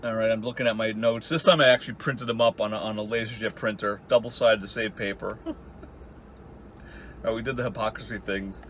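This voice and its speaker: A man's voice: on the low side, steady tone, fairly quick, fairly bright tone, slight background noise. A man in his forties giving a sarcastic, profane ranting commentary as a YouTube commentator. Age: 40s.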